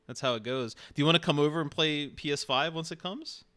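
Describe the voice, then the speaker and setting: A man's voice: fairly high pitch, a little fast, bright, forceful tone. A man live streaming, chatting casually and teasing, often laughing.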